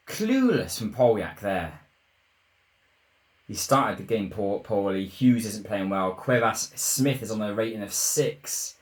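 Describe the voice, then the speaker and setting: A man commentating live on his own football management game, swinging between muttered frustration and loud shouts at goals. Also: on the low side. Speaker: gaming YouTuber.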